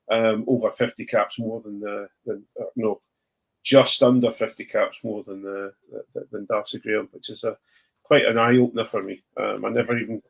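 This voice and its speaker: A man's voice: medium pitch, gravelly, slightly rough. Rambling man hosting a podcast. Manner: rambling, lots of ums and self-corrections. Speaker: podcast host. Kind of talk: casual chat.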